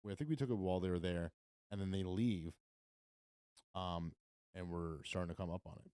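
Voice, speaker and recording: Low-voiced man telling a rambling story. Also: fairly quick, warm tone, clear, resonant tone, no echo. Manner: rambling, restarts sentences, laughs while telling a story. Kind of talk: casual chat, storytelling.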